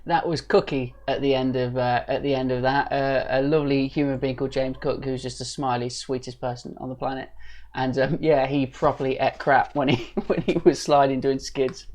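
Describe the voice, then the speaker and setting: A man's voice: fairly high pitch, a little mellow. A man, hosting a livestream and telling the story of making a film with enthusiasm and lots of restarts. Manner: enthusiastic, rambling, with many restarts. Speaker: livestream host.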